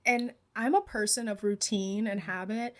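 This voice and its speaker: Fast-talking young woman podcast co-host. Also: mid-range voice, fairly even intonation, a bit bright. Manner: fast-talking, trying to slow down. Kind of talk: casual chat.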